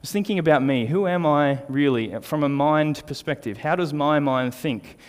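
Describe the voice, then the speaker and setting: A man's voice: a little high, moderate pace. A man giving a conversational sermon, often asking "right?" as he tells a personal story. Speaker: preacher. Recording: long hall reverb.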